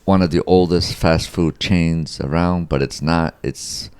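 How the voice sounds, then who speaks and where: A man with a very low, smooth voice, answering questions as a guest on a casual podcast. He speaks in short, literal statements. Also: steady tone, unhurried, a little mellow, dry recording. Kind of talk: casual chat.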